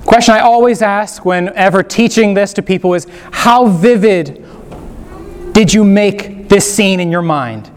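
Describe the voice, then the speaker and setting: A man leading a gentle, inviting guided meditation on Scripture as a preacher. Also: high-pitched, unhurried. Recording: long hall reverb.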